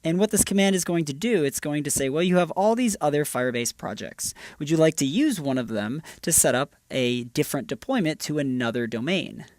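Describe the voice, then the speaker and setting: A man's voice: a little high, lively intonation, a little fast, few pauses, darkish tone, dry recording. A man presenting a screencast tutorial, walking through each step in an upbeat, casual way. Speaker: developer advocate presenting a tutorial.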